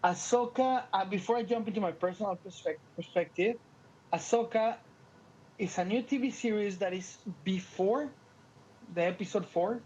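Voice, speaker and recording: High-pitched and at normal speed, a Latino man co-hosts a podcast, bantering and joking in casual conversation. Spanish is his native tongue and his accent is Latin American, and his manner is spirited and playful. Lo-fi sound carries a slight hiss or hum.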